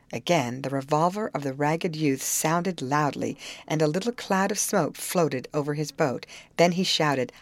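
Lady reading an old kids' book aloud, lowish voice, bouncy delivery, dry close sound. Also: measured pace, few pauses, no room sound. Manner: expressive storytelling reading. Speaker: audiobook narrator. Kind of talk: scripted narration.

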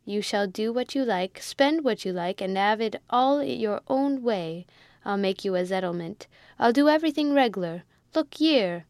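A woman's voice: mid-range voice, a little slow, a little mellow, dry recording, studio quality, natural voice. A woman voicing a coarse old country baronet who talks in rustic dialect and blusters. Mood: pleading.

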